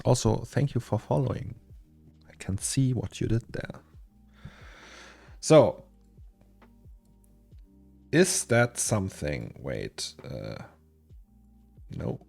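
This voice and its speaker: A man's voice: on the low side, very animated, slow pace, creaky, long pauses, darkish tone. A young man, casually chatting to viewers and musing aloud to himself as he streams his 3D work from a home office. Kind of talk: casual live-stream chat while working. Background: faint lo-fi music.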